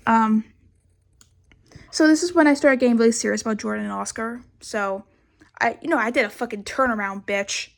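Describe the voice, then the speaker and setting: A woman's voice: a little high, moderate pace, creaky. A young woman giving a casual, rambling sketchbook tour, swearing a lot and mocking herself. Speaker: vlogger.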